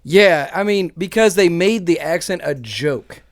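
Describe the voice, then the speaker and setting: A man rambles through a story on a podcast, correcting himself as he goes. His voice runs slightly high and is recorded dry, with no room sound. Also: lively intonation, a little slow, no room sound. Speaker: podcast co-host. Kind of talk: casual chat.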